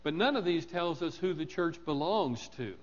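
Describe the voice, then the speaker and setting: A man preaching a morning sermon, measured and deliberate, repeating key phrases with emphasis. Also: on the high side, lively intonation. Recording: dull sound in a reverberant hall.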